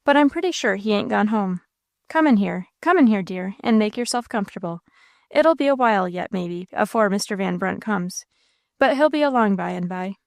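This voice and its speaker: Woman reading as a brisk country landlady. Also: medium pitch, lively intonation, gravelly, a little mellow, no echo, studio quality. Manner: folksy rural dialect.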